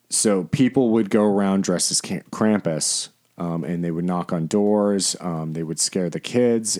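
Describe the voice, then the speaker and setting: A man with a very low, deep voice rambles through a casual podcast chat. He stumbles and restarts often and swears freely. His delivery is loose and unpolished. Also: a little mellow. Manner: rambling, with fillers and profanity. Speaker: podcast co-host.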